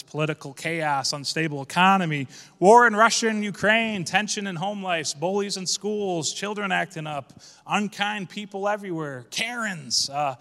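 Fervent male pastor, bright and echoing. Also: a little high. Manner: casual, folksy, builds to fervent preaching. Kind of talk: sermon.

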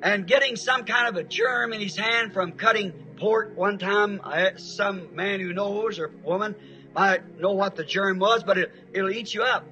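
A man's voice: high-pitched, a little slow, bright, forceful tone, low-quality recording. A man preaching a sermon, telling a folksy story with emphatic, rising outbursts.

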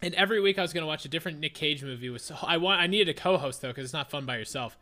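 A man in his twenties co-hosting a casual podcast, loud and excitable, ranting and joking at himself. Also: a little high, very fast. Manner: loud, excitable, self-mocking rants. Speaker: podcast co-host.

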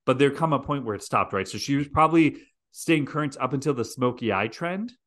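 Animated, joking man co-hosting a podcast. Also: medium pitch, a little fast. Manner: animated, joking, emphatic repetition. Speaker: podcast co-host. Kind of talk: casual chat.

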